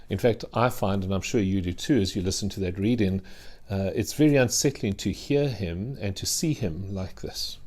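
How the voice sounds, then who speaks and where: A male minister preaching a sermon in an earnest, conversational way, with dramatic pauses. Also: lowish voice, a little mellow.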